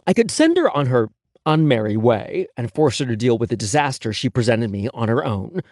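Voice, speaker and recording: A man's voice: mid-range voice, sing-song, brisk, darkish tone, no room sound, studio quality. A man narrating a first-person audiobook in a sassy, sarcastic and profane manner.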